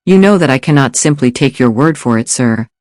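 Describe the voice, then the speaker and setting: A man's voice: medium pitch, lively intonation, a little fast, darkish tone, no room sound, clean studio sound, lightly acted. A man doing a nasal, fearless English assassin. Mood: cool. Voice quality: slightly nasal. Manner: formal, fearless, says "sir". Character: cold, polite male assassin.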